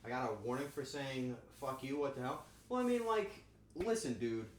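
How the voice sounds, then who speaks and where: A man's voice: mid-range voice, moderate pace, reverberant, slight background noise. A man livestreaming while he cooks, chatting casually and crudely with his viewers in a joking way. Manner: crude, joking, animated banter with chat. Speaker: streamer. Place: home kitchen.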